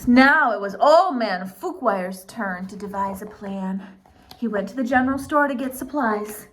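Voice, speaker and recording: A woman's voice: a little high, animated, unhurried, slight background noise. A woman reading a picture book aloud to children, playful and breaking off for asides to her young listeners.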